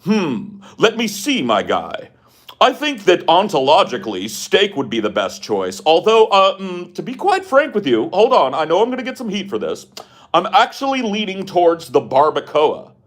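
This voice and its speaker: A man putting on a pompous, affected commentator voice with a slow, drawn-out announcer cadence. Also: high-pitched, wildly swooping pitch, pitched above the performer's own voice, exaggerated voice. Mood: musing. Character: pompous male online commentator, impression.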